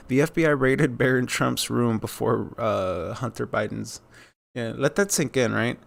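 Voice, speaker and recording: A man's voice: medium pitch, a little slow, creaky. A man giving casual, rambling commentary on news clips, with many fillers and sarcastic asides.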